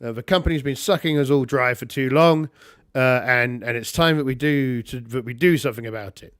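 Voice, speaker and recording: A man voicing a defiant female rebel worker in a tabletop game, speaking forcefully with a raised voice. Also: mid-range voice, fairly quick, smooth, dry recording, studio quality, natural voice.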